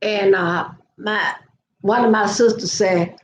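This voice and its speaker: A woman's voice: medium pitch, slow pace, reverberant, a little hiss or hum, rough recording. An older woman telling stories to viewers in a chatty live video, laughing often. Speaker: vlogger. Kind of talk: casual live chat.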